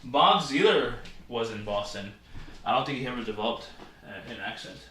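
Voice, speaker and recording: A man's voice: medium pitch, expressive, moderate pace, sharp tone. A man hosting a casual live stream at home, rambling with many fillers and restarts.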